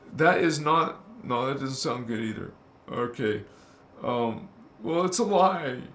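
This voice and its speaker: A man giving an impassioned spiritual talk, casual and slangy, swearing and flaring up into loud outbursts. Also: medium pitch, gravelly, roomy sound, slight background noise. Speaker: spiritual teacher.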